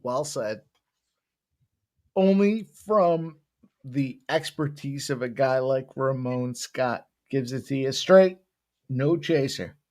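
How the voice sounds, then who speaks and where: A man's voice: mid-range voice, slow pace, a little mellow. A man hosting a live betting stream, joking loosely and swearing as he hypes the bets. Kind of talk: casual live-stream banter.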